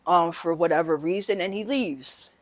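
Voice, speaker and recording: A middle-aged woman, a guest on a recovery podcast, telling her story candidly and haltingly, often tagging "right?" and "you know". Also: on the low side.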